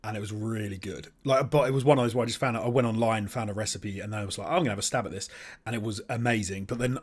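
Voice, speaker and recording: A man's voice: on the low side, steady tone, fast. British man, podcast co-host, casual chatty banter, questioning. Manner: chatty, asks lots of questions.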